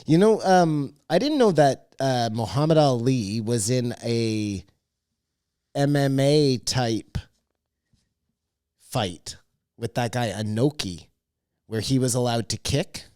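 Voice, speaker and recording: A man's voice: medium pitch, slow, pauses often, darkish tone, smooth, no room sound, studio quality. A man co-hosting a podcast, chatting in a laid-back, hesitant way with many fillers. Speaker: podcast co-host. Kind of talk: casual chat.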